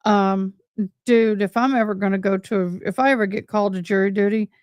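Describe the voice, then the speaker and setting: A woman's voice: medium pitch, steady tone, brisk, darkish tone, clear, resonant tone, no room sound, clean studio sound. A woman from Missouri, hosting a livestream in a chatty, rambling, folksy way. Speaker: livestream host. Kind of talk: casual livestream chat.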